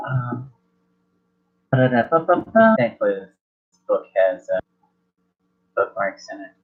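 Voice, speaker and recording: A man's voice: lowish voice, takes it slowly, soft background music. A man running a horror tabletop game as game master, rambling, self-correcting, swearing casually. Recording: dull lo-fi recording.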